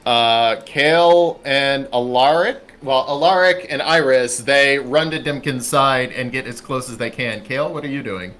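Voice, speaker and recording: A man's voice: medium pitch, unhurried, hardly any pauses, fairly bright tone. A man narrating as dungeon master for a tabletop game, loose with fillers.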